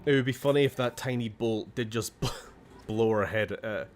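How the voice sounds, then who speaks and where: A man's voice: lowish voice, moderate pace, a little hiss or hum. A Scottish man streaming a game, chatting casually in a rambling way with laughing asides and the odd swear. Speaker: gaming streamer. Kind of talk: casual live-stream chat.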